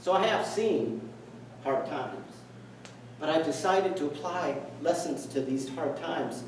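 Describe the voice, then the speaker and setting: A man's voice: a little high, slow, slight background noise. A middle-aged man giving a speech at a meeting, telling a personal story in an earnest, reflective way and acting out the dialogue. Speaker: speaker. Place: meeting hall. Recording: echoey room, distant mic.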